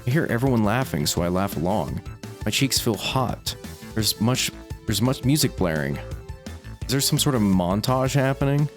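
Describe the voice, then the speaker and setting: A man's voice: lowish voice, animated, moderate pace, faint music behind. A man reading a visual novel's first-person narration aloud as a let's play host, with small stumbles.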